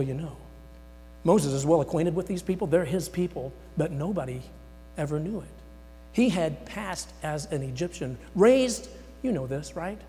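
A man preaching a sermon, dramatically voicing the words of God and Moses, swinging between loud emphasis and near-whispers. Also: a little high. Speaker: pastor. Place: church sanctuary. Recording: long hall reverb with mains hum.

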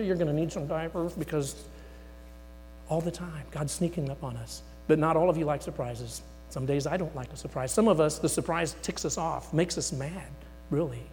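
A man preaching a sermon, dramatically voicing the words of God and Moses, swinging between loud emphasis and near-whispers. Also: on the high side, a little fast. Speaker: pastor. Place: church sanctuary. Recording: long hall reverb with mains hum.

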